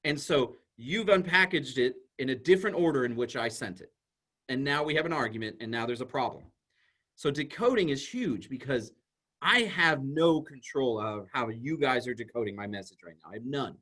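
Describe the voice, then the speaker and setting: A man, a school psychologist, giving an animated presentation to an audience and explaining ideas through everyday examples. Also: medium pitch, moderate pace.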